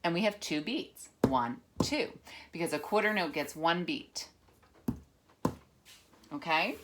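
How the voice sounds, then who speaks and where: A woman teacher reading a picture book aloud with lively emphasis, then patiently explaining a rhythm lesson. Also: on the low side, slow pace, background noise. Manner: animated, expressive reading with dramatic emphasis; patient, encouraging classroom explanation. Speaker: music teacher.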